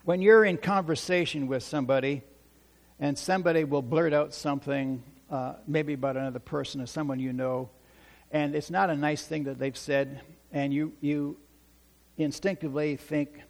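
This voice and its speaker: A man preaching a sermon in a church, slow and emphatic, repeating key phrases for stress. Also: fairly high pitch, fairly even intonation, gravelly. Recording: long reverb of a large hall.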